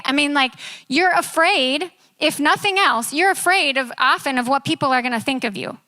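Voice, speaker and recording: A woman's voice: high-pitched, brisk, sharp tone, clean tone. A young woman preaching a casual, chatty youth sermon who keeps checking in with the room. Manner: casual, chatty, often asks the room "right?". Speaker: youth speaker. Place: youth service in a church building.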